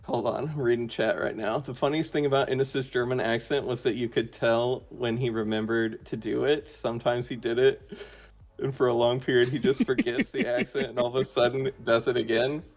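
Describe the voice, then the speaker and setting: A man's voice: medium pitch, steady tone, a little fast. A man being interviewed as a guest in casual chat, talking hesitantly with many fillers and restarts. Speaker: interview guest, roleplay player.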